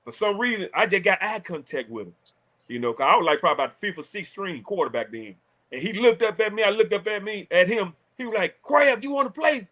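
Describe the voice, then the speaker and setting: A man, a former college quarterback telling animated, laughing stories as a talk show guest. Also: sits high, fast talker. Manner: animated, laughing storyteller acting out quotes. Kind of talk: casual storytelling on a talk show.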